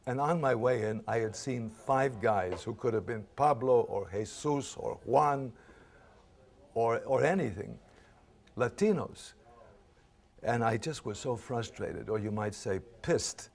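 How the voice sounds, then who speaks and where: An older man from Brooklyn, an actor being interviewed, telling lively anecdotes and acting out the lines he quotes. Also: on the low side, normal speed. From Brooklyn, New York. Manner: lively storyteller who acts out quoted lines.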